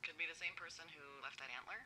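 A woman's voice: deep voice, steady tone, fast, sharp tone, slight background noise, poor audio. A woman voicing a dry-witted female fire lookout who talks in a wry, laid-back way over a walkie-talkie. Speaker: lookout supervisor on a radio.

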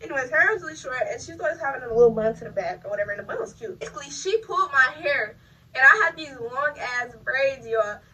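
Fast, bright-voiced young woman telling a story. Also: high voice, distant mic, rough recording. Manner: animated, profane, talks straight to viewers. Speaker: vlogger. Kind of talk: casual storytime while installing a wig.

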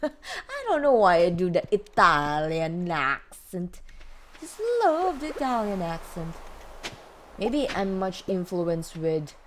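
A woman's voice: fairly low pitch, sing-song, takes it slowly, a little hiss or hum. A woman hosting a let's play, chatting to her viewers in a chatty, exclaiming way with frequent gasps. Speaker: gaming channel host.

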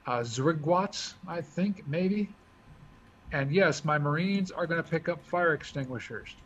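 A man talking through his moves as he explains a board game, thinking out loud in a casual way. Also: fairly high pitch, unhurried. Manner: chatty, thinks aloud while moving pieces. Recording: dull lo-fi recording with faint hiss.

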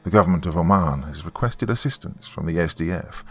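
A man voicing a calm, posh British mission handler with a posh British accent, briefing in a measured way. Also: sits low, slightly rough, soft background music.

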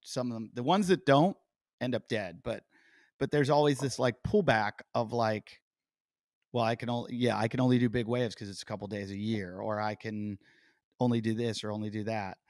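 A middle-aged man hosting a podcast, telling stories in a casual, animated way and acting out quotes. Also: lowish voice, moderate pace, no room sound, studio quality. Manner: animated storyteller, acts out quotes loudly. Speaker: podcast host. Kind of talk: casual interview chat.

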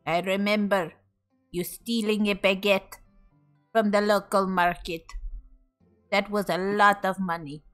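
A woman's voice: mid-range voice, steady tone, a little slow, pauses often, faint music behind, natural voice. A woman putting on a hammy mock-French dad. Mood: teasing. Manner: hammy, theatrical.

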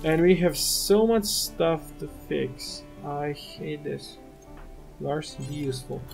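A man's voice: on the high side, takes it slowly, gravelly, a little mellow, soft background music. A man giving gameplay commentary as a let's play host, muttering to himself, exasperated and swearing at his desk microphone.

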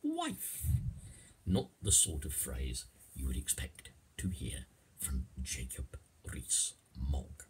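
A middle-aged man giving an informal language lesson in a chatty, rambling, digressive way with a husky voice. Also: extremely low pitch, takes it slowly, a little hiss or hum. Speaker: YouTube English teacher.

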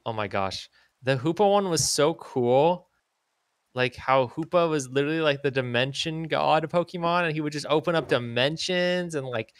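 A young man streaming a game, chatting casually in an excitable, rambling way and slipping into silly voices. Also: on the high side, clear, resonant tone, no room sound. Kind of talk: casual gaming stream chat.

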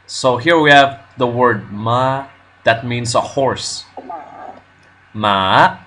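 A man working through a language lesson on his own, nervous and unsure of himself, pausing often with fillers. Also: medium pitch, bright, forceful tone. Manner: nervous, self-doubting, halting with fillers. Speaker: language learner vlogger. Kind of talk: casual self-recorded lesson commentary.

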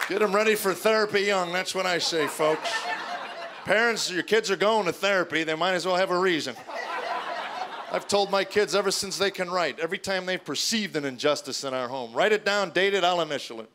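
A middle-aged man doing stand-up, telling deadpan stories and acting out his kids' voices before a live audience. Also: high voice, fairly quick. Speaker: stand-up comedian. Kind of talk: stand-up comedy routine. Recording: live show with audience noise.

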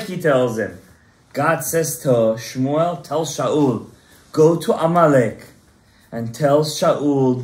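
Animated man preaching in an echoey room. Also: fairly high pitch. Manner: emphatic, swings loud and soft, rhetorical questions. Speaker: rabbi giving a Torah class. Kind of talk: animated Torah class.

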